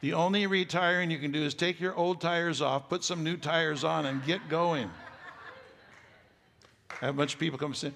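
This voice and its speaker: An older man preaches a folksy, joking sermon that swells into loud, emphatic passages. His voice sits a little high and has a gravelly edge. The sound carries the long reverb of a large hall. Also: steady tone, normal speed, slight background noise. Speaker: pastor.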